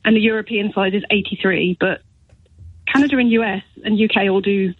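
A woman's voice: mid-range voice, fairly even intonation, a little fast, husky, no room sound. A woman calling a radio phone-in show, eager and giggly. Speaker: caller. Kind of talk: phone-in call. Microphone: telephone. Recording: tinny phone line.

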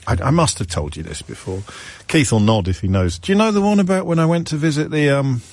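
A man's voice: medium pitch, dry recording, clean studio sound. A middle-aged man hosting a radio phone-in show, telling stories in a wry, rambling way and correcting himself as he goes. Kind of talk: chatty on-air monologue. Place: radio studio.

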